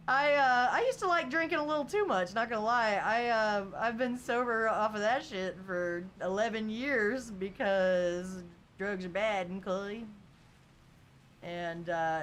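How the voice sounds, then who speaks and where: A woman's voice: medium pitch, fairly bright tone, slight background noise. A woman game streamer in casual live-stream chat, reading viewer comments and rambling through stories with lots of "like" and "you know" and frequent laughs.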